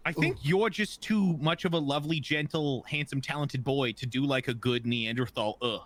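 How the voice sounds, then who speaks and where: A man's voice: medium pitch, normal speed, a bit bright. A man co-hosting a podcast, bantering in a playful, joking way. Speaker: podcast co-host. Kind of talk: casual chat.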